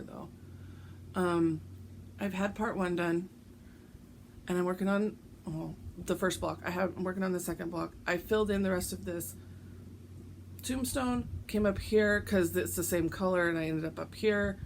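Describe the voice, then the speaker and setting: Chatty gravelly woman with a tired voice. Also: mid-range voice, unhurried, long pauses, a little hiss or hum. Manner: chatty, rambling, with frequent ums. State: voice going hoarse. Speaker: cross-stitch vlogger. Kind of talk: casual show-and-tell chat.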